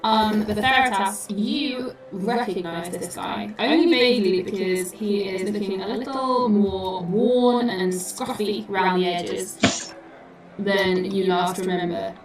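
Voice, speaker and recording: A woman's voice: medium pitch, slow pace, distant mic. A woman narrating a tabletop game as game master, bubbly and laughing often. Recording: very echoey room, music behind.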